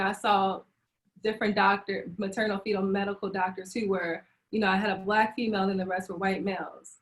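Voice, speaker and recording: A woman's voice: medium pitch, a bit bright. A woman speaking candidly and emotionally as a panel guest, telling a personal story with frequent laughs and restarts over a video call. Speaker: panel guest sharing birth experience.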